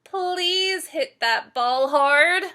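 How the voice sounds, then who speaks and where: A woman voicing an eager, shouting team of young baseball boys in a children's storybook. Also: high-pitched, very slow, voice pushed up, full character voice.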